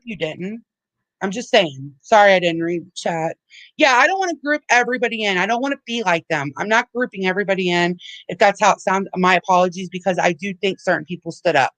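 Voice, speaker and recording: A woman's voice: mid-range voice, no echo, poor audio. Angry woman ranting on a livestream. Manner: heated, profane, repeats herself. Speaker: livestream host.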